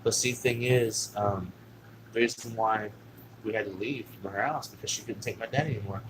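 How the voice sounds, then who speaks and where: A man's voice: fairly low pitch, normal speed, background noise. A man telling a long personal story in a casual, rambling way, swearing constantly and leaning on fillers. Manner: rambling and heavily profane, with lots of fillers. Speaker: vlogger.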